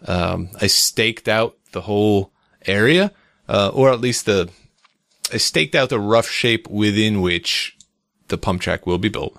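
A man with a low, gravelly voice in a casual podcast chat, recorded close and dry. He talks with enthusiasm, exaggerates freely and his pitch leaps up when something amazes him. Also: fairly bright tone, no room sound. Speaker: podcast co-host.

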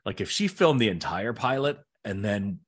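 Middle-aged man, lower voice, lively storyteller, mimics other voices. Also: normal speed, husky. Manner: animated, acts out quoted voices. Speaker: actor and guest. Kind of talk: casual interview storytelling.

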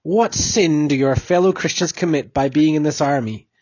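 A man's voice: on the high side, moderate pace, a little mellow, husky, dry recording, lo-fi sound, pitched above the performer's own voice. A man voicing a stern, cold army officer who judges a prisoner, speaking in a curt, commanding way.

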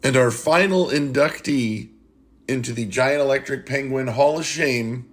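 A man's voice: medium pitch, unhurried, breathy edge. A man hosting a comedy podcast, riffing sarcastically on memes and laughing often. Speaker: podcast host.

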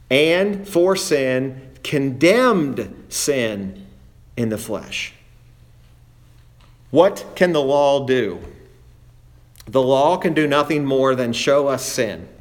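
Emphatic man preaching a sermon. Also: a little high. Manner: emphatic, slows down to stress key phrases; quotes scripture in old-fashioned wording. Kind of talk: expository sermon.

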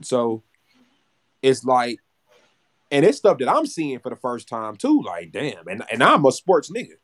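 A man's voice: mid-range voice, very animated, measured pace. A man in his twenties chatting casually as a podcast co-host, rambling, repeating words and swearing freely. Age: 20s. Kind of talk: casual chat.

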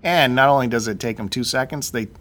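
A man on a casual talk show, telling a long story in an animated, ranting way and acting out the people in it. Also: mid-range voice, fast. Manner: animated, ranting, acts out quotes.

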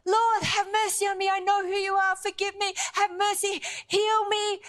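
A woman's voice: very high-pitched, measured pace, fairly bright tone. A woman preacher voicing an ancient king who earnestly begs for mercy. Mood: pleading. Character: ancient king pleading, later complacent.

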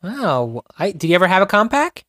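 A man's voice: high-pitched, very animated, a little fast, a bit bright, no room sound, studio quality. A man hosting a podcast as a comedian, joking playfully in casual chat.

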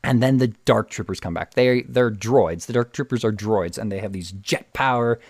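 A man casually retelling a TV episode with excitement, often restarting and repeating words. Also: on the low side, normal speed, dry recording. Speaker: show recap host.

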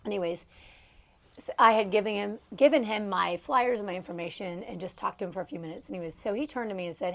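A woman hosting a podcast, telling a rambling, animated story with frequent laughter while recording outdoors. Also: medium pitch, quick pace, gravelly. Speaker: podcast host; entrepreneur and mom. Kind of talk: casual storytelling monologue. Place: outdoors on a farm.

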